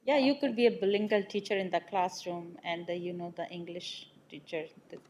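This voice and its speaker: A woman preschool teacher on a panel, speaking haltingly with fillers and restarts. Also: lowish voice, fairly even intonation, a little mellow, slight background noise. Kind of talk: casual panel talk.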